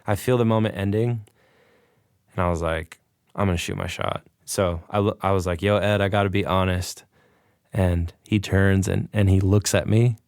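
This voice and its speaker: A man's voice: deep voice, normal speed, gravelly, dry recording, studio quality. A man on a podcast, animatedly recounting a story and acting out the dialogue. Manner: excited, animated retelling with quoted dialogue. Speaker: podcast guest. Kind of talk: casual storytelling.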